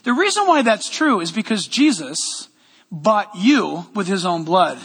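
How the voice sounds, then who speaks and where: A man preaching a sermon as pastor, energetic and loud, with joking asides to the congregation, in a church sanctuary. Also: sits high, unhurried, slightly rough, big-room sound.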